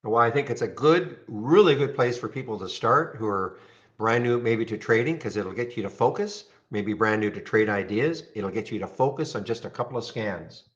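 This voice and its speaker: A man casually walking viewers through trading software on a screen share, rambling and checking in with "okay?". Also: lowish voice, normal speed, muffled recording. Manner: rambling, frequent restarts and "okay?" check-ins.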